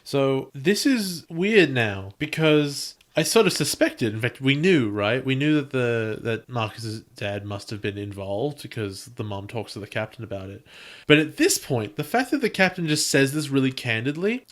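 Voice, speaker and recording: A man's voice: medium pitch, expressive, normal speed. Wry male podcast co-host. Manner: wry, analytical, sarcastic. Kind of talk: casual chat.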